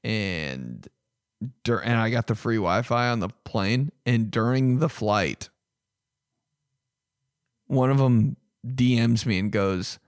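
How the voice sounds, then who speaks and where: A young man telling comic stories on his podcast, animated and profane, squeaking high to imitate a beeping alarm. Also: slow pace, long pauses, dry recording, studio quality. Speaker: comedian podcast host. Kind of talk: casual comedic storytelling.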